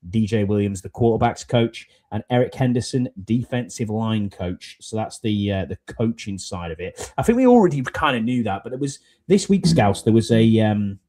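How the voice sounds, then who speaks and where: A man's voice: on the low side, expressive, normal speed, few pauses, mellow. A man hosting a podcast in casual, rambling chat, with many fillers. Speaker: podcast host.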